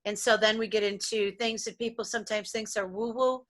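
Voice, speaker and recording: A woman's voice: medium pitch, steady tone, fairly quick, fairly bright tone. A middle-aged woman from the United States talks about wellness in an earnest, preachy tone. She often trips over and repeats her opening words before a sentence gets going. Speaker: podcast co-host, psychologist. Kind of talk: motivational wellness chat.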